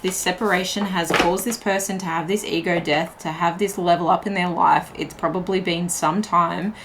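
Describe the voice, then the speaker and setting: Young woman doing a tarot reading, lowish voice, loose and chatty, bit of faint hiss behind. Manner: chatty, filler-heavy, frequent laughs. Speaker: tarot reader. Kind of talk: casual tarot reading monologue.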